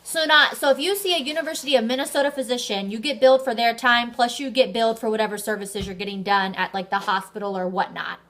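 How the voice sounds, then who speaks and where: A young woman with a fairly high voice talks straight to the camera as a vlogger. She chats casually and tells her story with lots of animation, slipping in the occasional swear word. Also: steady tone, fast talker, hardly any pauses, a bit bright. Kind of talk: casual chat.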